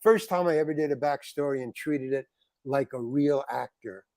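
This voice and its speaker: A man, a guest actor, telling a long anecdote in a casual interview, animated and saying "man" often. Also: mid-range voice, normal speed, no echo. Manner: animated anecdote teller, peppers talk with "man".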